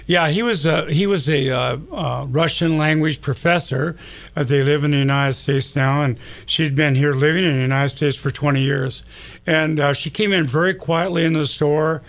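A man talks in a rough, gravelly voice that sits a little higher than most. He rambles in a folksy way, scattering ums and uhs as he chats as a guest on a talk show. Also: normal speed. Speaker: gun store owner guest. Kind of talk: casual talk radio chat.

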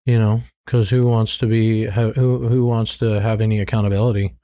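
Middle-aged man, low even voice, dark tone, earnest conversational testimony. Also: moderate pace, no echo, clean studio sound. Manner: frank, earnest, repeats himself when searching for words. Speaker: guest, former drug dealer turned ministry worker.

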